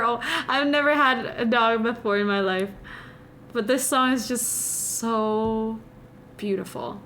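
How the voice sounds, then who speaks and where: A woman's voice: fairly high pitch, fairly bright tone, slight background noise. A young woman from Indonesia with an Indonesian accent, chatting casually on a live stream from home in a meandering, confiding way. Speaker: livestreamer.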